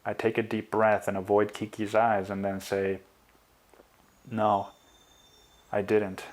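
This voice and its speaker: Lower-voiced man narrating a memoir. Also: level tone, moderate pace. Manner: quiet and confessional.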